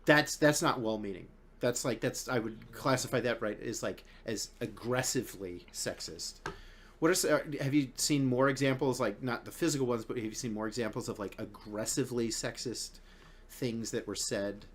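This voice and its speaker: A man's voice: medium pitch, normal speed, slight background noise. A man hosting a podcast in casual chat, rambling and swearing, full of restarts. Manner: rambling, profane, many restarts. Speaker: podcast host.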